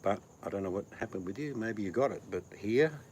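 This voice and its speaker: Joking male livestream host, very low voice, hissy noisy room. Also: quick pace, darkish tone. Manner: joking, bawdy banter. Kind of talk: casual chat.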